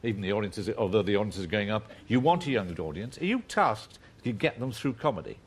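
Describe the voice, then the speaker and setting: A man's voice: on the low side, animated, quick pace, husky. Older male radio presenter, dry and wry. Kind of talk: hosting a radio discussion.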